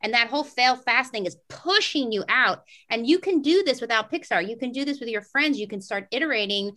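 A woman hosting a casual screenwriting conversation, animated and excitable, swearing freely and acting out her own thoughts. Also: on the high side, fairly quick. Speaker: podcast host.

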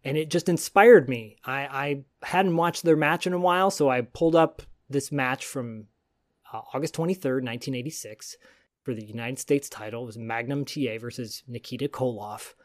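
A man's voice: mid-range voice, moderate pace. Rambling man telling a story. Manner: rambling, digressive storytelling with fillers. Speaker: podcast host. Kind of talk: casual chat.

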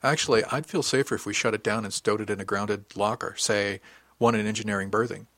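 A man voicing a calm, good-humored male ship engineering officer who gives brisk, practical orders with dry humor, in an audiobook reading. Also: lowish voice, no echo. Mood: wry.

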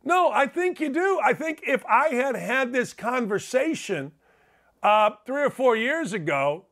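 A man's voice: extremely high pitch, sing-song, a little slow, a bit bright. A middle-aged man hosting a sports talk show, delivering a profane, sarcastic rant. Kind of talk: opinionated podcast monologue.

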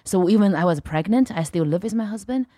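A woman's voice: medium pitch, lively intonation, fast talker, dark tone. Blunt woman, Chinese accent. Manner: blunt, frank, broken English grammar. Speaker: comedian guest. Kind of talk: casual podcast chat.

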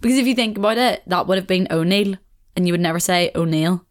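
A woman's voice: mid-range voice, very fast. A young woman with a Belfast accent hosting a casual solo podcast, chatting in a rambling way with frequent laughs. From Northern Ireland. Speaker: podcast host.

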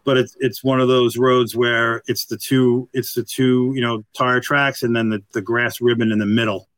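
A middle-aged man, a retired police detective, tells a long story as an interview guest. He talks in a halting, rambling way and keeps saying "you know". His voice sits at an ordinary pitch and sounds close and dry, with no room echo. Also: level tone, fairly bright tone.

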